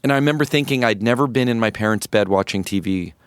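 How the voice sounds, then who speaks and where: Low-voiced man telling a candid story. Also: smooth, dry recording, studio quality. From rural North Florida, USA. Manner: reflective, halting, many restarts and fillers. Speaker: musician guest. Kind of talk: candid personal storytelling in a podcast interview.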